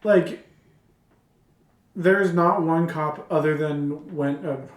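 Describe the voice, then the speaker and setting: A man's voice: fairly high pitch, slow pace, recorded from a distance. A man co-hosting a podcast in casual chat, hesitant and full of restarts. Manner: hesitant, many fillers and restarts. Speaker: podcast co-host. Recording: roomy echo.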